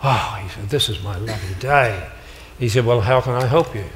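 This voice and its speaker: A man's voice: lowish voice, normal speed, a little hiss or hum. An older man giving a motivational talk to a live audience, telling stories and acting out the dialogue with punchy comic timing. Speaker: motivational speaker. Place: large hall before an audience. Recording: live hall recording with long reverb.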